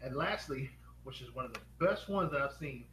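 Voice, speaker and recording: A man hosting a live stream pitch, upbeat and quizzing viewers with rapid questions. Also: lively intonation, fairly bright tone. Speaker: host. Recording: echoey room with faint noise.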